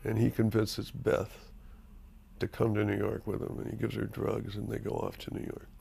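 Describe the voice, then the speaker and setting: Gravelly older man telling stories. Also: fairly low pitch, moderate pace, a little hiss or hum. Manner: animated storyteller, profane and emphatic. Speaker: screenwriter being interviewed. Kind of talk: candid interview storytelling.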